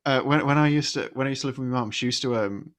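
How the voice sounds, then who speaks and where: Young bloke, co-host, blunt and teasing, relaxed mid-pitched chat. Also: male voice, quick pace, a little hiss or hum. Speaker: podcast co-host. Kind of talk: casual banter.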